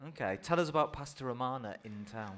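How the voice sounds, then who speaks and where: A man's voice: medium pitch, animated, fast, a bit bright. A man hosting an open mic night, chatting and joking with the performers. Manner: jokey, upbeat, teasing. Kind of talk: casual chat.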